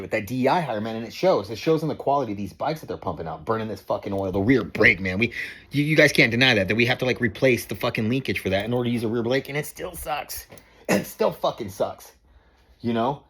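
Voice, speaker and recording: A man's voice: mid-range voice, animated, fast talker, husky. A man in his forties, ranting in a heated, profane vlog monologue, stumbling over repeated words and tacking "man" onto his sentences. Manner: repeats and restarts words when worked up. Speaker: motorcycle owner vlogger.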